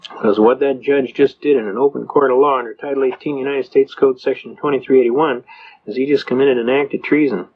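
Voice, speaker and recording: An older man speaks in a folksy, storytelling way at a mid-range pitch, leaning into anecdotes and acted-out exchanges as he lectures. The recording sounds dull and lo-fi, with its highs rolled off. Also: fairly even intonation, fairly quick, slight background noise. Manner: folksy storyteller, acts out dialogue in quotes. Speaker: seminar speaker on constitutional rights.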